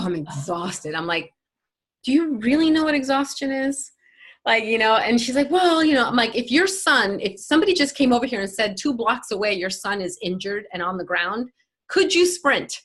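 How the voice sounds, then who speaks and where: A woman's voice: mid-range voice, fairly bright tone. Emphatic woman life coach. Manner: emphatic, acts out quoted inner voices. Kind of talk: motivational interview talk.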